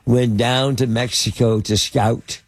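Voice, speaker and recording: An older man tells show-business stories in a gravelly, slightly husky voice. He stumbles through ums and false starts, circling back before landing each point. The sound is close and dry. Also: medium pitch, fairly even intonation, no room sound. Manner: halting, lots of fillers and restarts. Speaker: interview guest, film producer and actor. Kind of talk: anecdotal storytelling in conversation.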